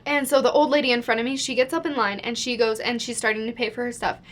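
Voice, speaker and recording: A woman's voice: fairly high pitch, a bit bright. A young woman telling a storytime vlog to the camera, chatty and exasperated, full of "like". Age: young adult. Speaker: vlogger.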